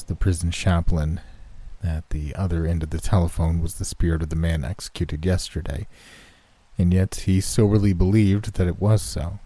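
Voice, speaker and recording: Deep husky male horror narrator. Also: dark tone.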